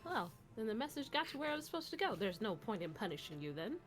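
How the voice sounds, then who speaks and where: A woman's voice: a little high, very animated, fast, soft background music. A woman playing a tabletop game, asking practical questions in character. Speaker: player. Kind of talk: in-character tabletop role-play.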